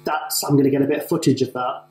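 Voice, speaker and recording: A man's voice: mid-range voice, flat delivery, fast talker, darkish tone. A British man co-hosting a casual chat, teasing and rambling with frequent restarts. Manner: rambling, self-correcting, teasing. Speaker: co-host. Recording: roomy, from far off the mic.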